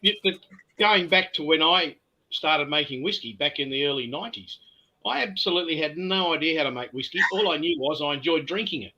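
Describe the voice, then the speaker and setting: A man's voice: fairly high pitch, a little fast, bright, forceful tone, slight background noise. An older man with an Australian accent, telling stories in an earthy, yarn-spinning way as a guest on a casual chat. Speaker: guest distiller. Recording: dull lo-fi sound.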